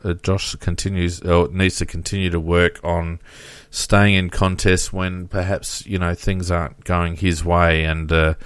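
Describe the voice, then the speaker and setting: A man's voice: deep voice, flat delivery, measured pace, few pauses, a bit bright, clear, resonant tone, no echo. A man co-hosting a casual football podcast, reading out stats with frequent fillers. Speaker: podcast co-host.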